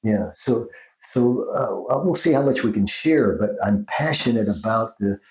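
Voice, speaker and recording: A man with a fairly low voice talks as a guest therapist, thoughtful and unhurried in his explanations. The recording carries a clear roomy echo around him. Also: lively intonation, darkish tone. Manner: thoughtful, explains slowly, acts out phrases in different tones. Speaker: guest, Jungian dream therapist. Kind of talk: reflective interview talk.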